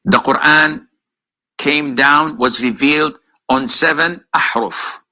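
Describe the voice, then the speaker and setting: Bright-toned male preacher. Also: fairly high pitch, fairly even intonation, takes it slowly, low-quality recording. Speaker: Muslim preacher answering questions. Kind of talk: explanatory lecture.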